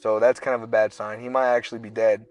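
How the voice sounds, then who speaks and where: A man's voice: lowish voice, little pitch movement, quick pace, darkish tone, faint music behind. A young man co-hosting a podcast, telling a long story in casual slang and acting out characters in bursts. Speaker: podcast co-host. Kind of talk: casual chat.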